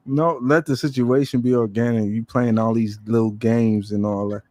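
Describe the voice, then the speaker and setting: A man's voice: mid-range voice, steady tone, moderate pace, a little mellow, no echo. A man in a casual group chat, ribbing a friend in a playful, slangy way.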